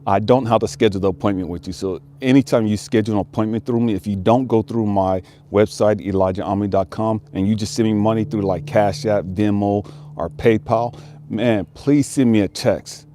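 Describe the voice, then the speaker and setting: A man's voice: on the low side, dark tone. A man hosting a casual motivational talk outdoors, speaking earnestly and repeating phrases as he builds intensity. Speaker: life coach and channel host. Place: outdoors in nature.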